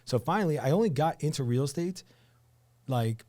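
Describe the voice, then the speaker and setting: A man's voice: fairly high pitch, normal speed, no echo. A young man with a New Jersey accent, a podcast guest telling his story casually, acting out quotes and using lots of fillers. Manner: animated storyteller, acts out quotes, many fillers. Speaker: real estate agent, podcast guest.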